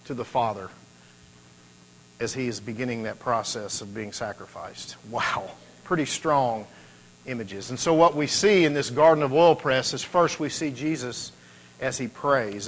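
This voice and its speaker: A male pastor delivers a sermon in a relaxed, talky way. His pitch sits in the middle for a man. He builds toward emphatic, drawn-out peaks and then lets them fall away. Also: a little hiss or hum, rough recording. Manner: conversational preaching, rising to emphatic peaks with pauses.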